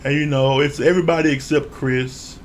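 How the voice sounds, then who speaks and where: A man with a slightly high voice, casually recapping a reality show episode. He tells it loosely, with slang, swearing and the occasional chuckle, drifting from one couple to the next. There is a faint hum of room noise behind him. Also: fairly even intonation, normal speed. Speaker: reality TV reviewer.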